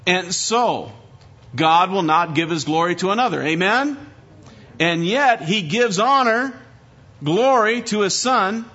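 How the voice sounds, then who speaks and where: A male pastor delivering a sermon in an emphatic preaching voice that climbs for stress and sinks low. His tone is bright and a little higher than most men's. The recording sounds dull and lo-fi. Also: expressive, takes it slowly. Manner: emphatic preaching, rising and falling.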